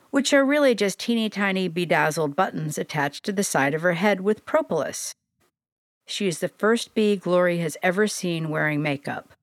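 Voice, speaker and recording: A woman narrates a storybook in a gentle, descriptive way, her voice sitting a little low. The recording is dry and close, with no room sound. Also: no room sound.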